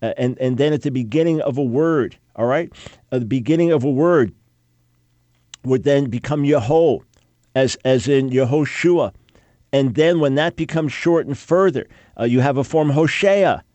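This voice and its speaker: A man's voice: fairly high pitch, mellow, no echo. Emphatic scholarly man, dry close sound. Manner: emphatic, quick asides with mocking quoted objections. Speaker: Bible scholar. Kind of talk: lecture-style talk.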